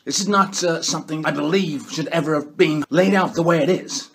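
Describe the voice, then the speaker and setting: A man's voice: on the high side, fairly quick, a bit bright, a little hiss or hum. A man doing a comic impression of a boastful, bossy male world leader who keeps tacking "okay?" onto his lines. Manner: bragging, bossy, repeats "okay?".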